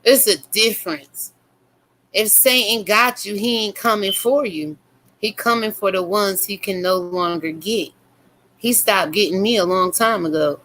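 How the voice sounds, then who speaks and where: A woman's voice: medium pitch, unhurried, fairly bright tone. Fiery cursing woman preaching a rant. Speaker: online commentator. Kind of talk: profane religious rant.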